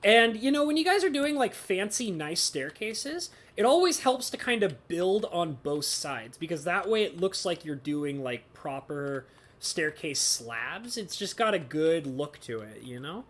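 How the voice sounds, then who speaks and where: Female streamer, lower register, swooping expressive delivery, chatty and quick to groan in frustration. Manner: chatty, talks to herself, exasperated exclamations. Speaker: streamer playing a building game. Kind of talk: casual live-stream commentary.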